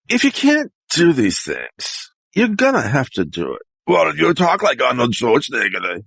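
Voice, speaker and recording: A man's voice: medium pitch, huge pitch swings, normal speed, gravelly, few pauses, a bit bright, breathy edge, no room sound. A man practicing voice impressions, playfully slipping from one silly voice to the next.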